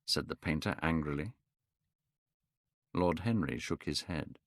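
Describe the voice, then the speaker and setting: Man narrating an audiobook for learners, very unhurried, animated delivery. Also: low-pitched, no echo, studio quality. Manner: slow, clear storytelling.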